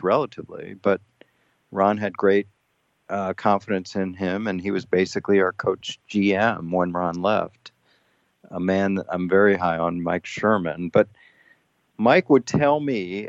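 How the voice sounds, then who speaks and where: A man hosting a podcast, talking conversationally and pausing to search for words. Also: deep voice, creaky, no room sound. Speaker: podcast host, former team executive. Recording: dull lo-fi audio.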